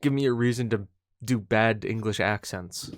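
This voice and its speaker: A man's voice: lowish voice, normal speed, slight background noise. A man co-hosting a podcast in casual, joking chat. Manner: joking, playful, does voices. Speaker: podcast co-host. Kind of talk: casual chat on a live stream.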